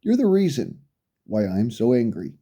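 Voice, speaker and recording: Male commentator, angry profane rant, mellow low timbre, very animated pitch. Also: moderate pace. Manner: profane, furious, berating.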